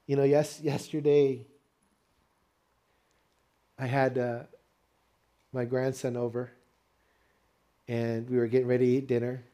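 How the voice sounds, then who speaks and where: Warm-voiced preaching grandfather. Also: mid-range voice, a little slow, pauses often. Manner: animated storytelling preacher with call-and-response. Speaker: pastor. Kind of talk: sermon.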